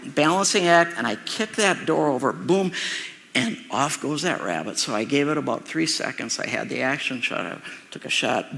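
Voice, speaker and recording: A man preaching a sermon, telling a personal story in an animated way and acting out its sounds and voices. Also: medium pitch, vocal fry. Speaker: pastor. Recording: reverberant hall recording.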